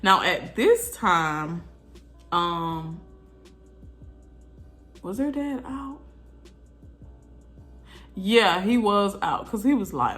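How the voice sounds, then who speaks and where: A woman vlogger casually telling her birth story to viewers, animated and chatty, with frequent asides to the audience. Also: mid-range voice, extremely slow, pauses often, faint music behind.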